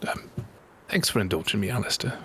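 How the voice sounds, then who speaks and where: A man's voice: fairly low pitch, very animated, a little fast, sharp tone, slight background noise. A man role-playing his tabletop character, speaking in a reflective, musing way. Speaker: player.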